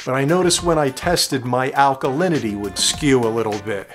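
A man's voice: medium pitch, normal speed, a bit bright. Guy from jersey talking reef tanks to his viewers, chatty and easygoing, faint music under it. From New Jersey. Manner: chatty, talks straight to viewers as "guys". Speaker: reef tank hobby video host. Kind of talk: casual chat answering viewer questions. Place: home reef tank studio, indoors.

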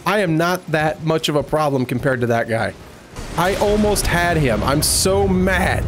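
A man giving let's play commentary, exasperated and shouting at enemies on screen. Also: on the high side, animated, moderate pace. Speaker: gaming video host. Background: game music.

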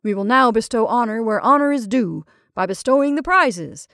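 A woman voicing a jovial male ringmaster announcing loudly in a storybook reading. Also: expressive, moderate pace, no echo, clean studio sound. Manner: booming, showy announcing.

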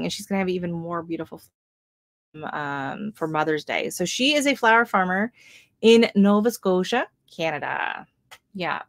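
A woman's voice: on the low side, vocal fry, no room sound, studio quality. A woman who grew up in Oregon, hosting a casual gardening live stream, chatting and reacting to viewer comments with many ums and exclamations. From Oregon, US West Coast. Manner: chatty, lots of ums and restarts, exclaims often. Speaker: gardening livestream host.

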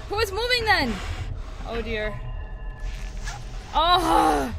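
A young woman hosting a let's play of a horror game, chattering excitedly and shrieking at scares. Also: high-pitched, moderate pace. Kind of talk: excitable gameplay commentary. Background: game music.

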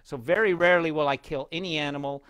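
A man in a relaxed casual chat, easygoing and quick to laugh. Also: fairly high pitch, smooth, dry recording.

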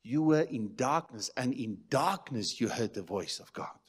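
A male pastor delivers a sermon in a church. He is emphatic, swinging from ringing declarations to hushed, murmured lines. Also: mid-range voice, animated, unhurried, slightly rough. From South Africa.

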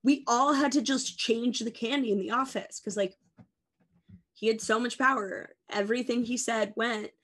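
A woman's voice: fairly high pitch, steady tone, moderate pace. A woman in her twenties co-hosting a podcast, chatting casually and rambling playfully through goofy tangents. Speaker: podcast co-host. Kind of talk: casual comedic chat.

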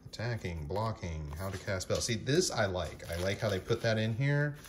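A man's voice: fairly low pitch, moderate pace. A man casually talking through a card box opening, rambling with many fillers and self-corrections. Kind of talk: casual unboxing vlog. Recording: noisy with packaging crinkle. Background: crinkling packaging and clicks.

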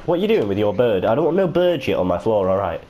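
A young man with a British accent, joking loudly and swearing while playing a game with friends. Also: on the low side, fast, a little hiss or hum. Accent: British English. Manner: loud, excitable, swears a lot. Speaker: gamer. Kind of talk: casual gaming banter.

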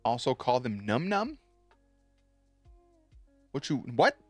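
A man's voice: mid-range voice, very animated, takes it slowly, no echo, faint music behind. A man streaming live, chatting loosely and swearing as he tells a story to his viewers, with many restarts.

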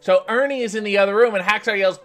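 A man's voice: sits high, fast, fairly bright tone, faint music behind. A man hosting a comedic recap of a TV episode, with sarcastic, profane asides. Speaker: host.

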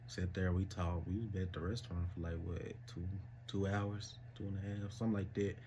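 A young man co-hosting a casual storytime, relaxed and playfully teasing his partner. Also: deep voice, brisk, slight background noise. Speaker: co-host telling a couple's story.

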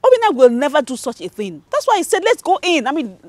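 A woman's voice: sits high, very animated, fast, darkish tone, dry recording. An actress with a Nigerian accent playing a loyal wife who insistently defends her partner and pleads with her friend. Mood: pleading. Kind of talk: film drama acting.

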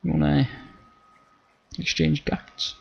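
A man's voice: fairly high pitch, little pitch movement, slow pace, gravelly. A man with a Scottish accent doing let's play commentary, blunt, sweary and joking. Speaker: gaming channel host. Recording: slightly dull audio with faint game music.

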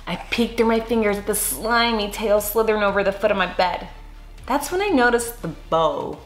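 A woman reading a children's picture book aloud, expressive and unhurried. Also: medium pitch. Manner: expressive, slow and clear. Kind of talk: storybook read-aloud. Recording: echoey room, faint music.

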